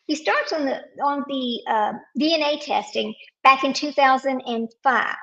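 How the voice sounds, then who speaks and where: A woman's voice: high-pitched, moderate pace, vocal fry, pushed and bright, dull audio. A woman hosting a casual live stream, talking to viewers while searching her computer and getting frustrated.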